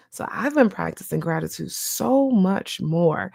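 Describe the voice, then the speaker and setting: A woman hosting a casual podcast as a therapist, animated and encouraging, acting out her own inner voice as she talks. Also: mid-range voice, unhurried, gravelly, no echo, clean studio sound. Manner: encouraging, direct advice to listeners. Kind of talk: casual motivational podcast talk.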